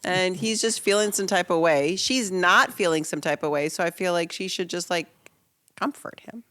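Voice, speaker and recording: A woman co-hosting a casual rewatch podcast, chatty and opinionated, with lots of "like" in her talk. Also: moderate pace. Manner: opinionated and chatty, lots of "like", lively swings in pitch. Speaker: podcast co-host.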